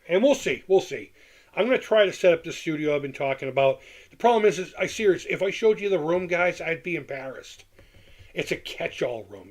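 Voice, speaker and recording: A middle-aged man talks casually on a livestream, answering chat in a loose, rambling way. His voice sits a little high for a man, and he often doubles back on his own phrases and restarts his sentences. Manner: rambling, candid, repeats himself, frequent restarts. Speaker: livestream host reading chat.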